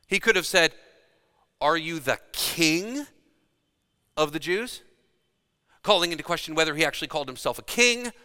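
A man preaching a sermon with dramatic shifts between loud emphasis and hushed delivery. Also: medium pitch. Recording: long reverb of a large hall.

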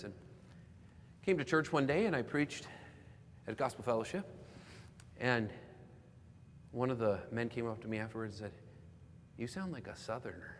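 Canadian pastor preaching in a reverberant hall. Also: male voice, mid-range voice. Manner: preaching with dramatic swings from loud emphasis to hushed near-whispers. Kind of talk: sermon. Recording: long hall reverb, faint background noise.

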